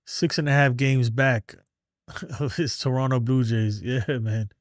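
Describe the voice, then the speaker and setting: Casting: male fan-show host, mid pitch, dry close sound, chatty and slangy, short of breath. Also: steady tone, unhurried, no room sound. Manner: loose and conversational, many "like" and "man". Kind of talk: casual live-stream chat.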